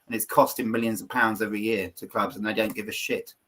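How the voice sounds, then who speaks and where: A man's voice: lowish voice, steady tone, fast talker, pushed and bright. A man co-hosting a football chat, ranting with emphasis and swearing. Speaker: podcast co-host. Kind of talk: heated casual football chat.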